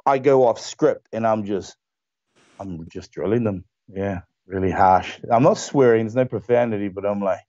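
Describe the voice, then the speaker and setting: A male actor chatting as a guest on a live stream, telling his stories in an animated, emphatic way. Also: fairly low pitch, no room sound, highs cut off. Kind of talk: casual interview chat.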